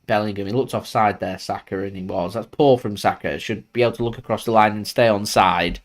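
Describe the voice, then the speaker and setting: A man's voice: fairly low pitch, steady tone, a little fast. A man hosting a live football watchalong stream from home, chatting loosely and reacting to the play as it happens. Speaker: football fan channel host. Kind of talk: live match watchalong commentary.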